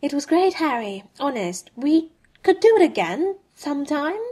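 Woman doing a sweet awkward guy, flustered, pitched way up. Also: big pitch swings, moderate pace, a little mellow. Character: sweet, awkward young man.

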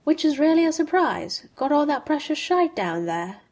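A woman doing a soft, wry young man, a bit lifted in pitch. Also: sing-song, normal speed. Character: young adult male wizard, shy and wry.

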